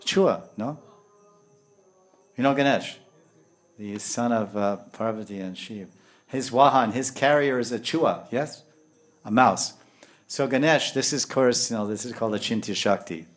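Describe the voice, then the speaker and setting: A man giving a devotional lecture in English with Sanskrit and Hindi terms, telling lively stories and swinging from hushed tones to loud bursts. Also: mid-range voice. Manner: animated, acts out voices and laughter, swings from hushed to loud. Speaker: spiritual teacher.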